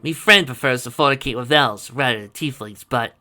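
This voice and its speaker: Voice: medium pitch, a little fast, bright, forceful tone, natural voice. A reader doing a brash brogue-speaking barbarian woman. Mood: teasing. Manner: boisterous, teasing.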